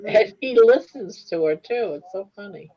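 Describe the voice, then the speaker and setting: A woman's voice: medium pitch, lively intonation, normal speed. A woman chatting casually on a live stream, amused and talking to her dog. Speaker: guest in a live chat. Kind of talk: casual chat. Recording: dull lo-fi audio.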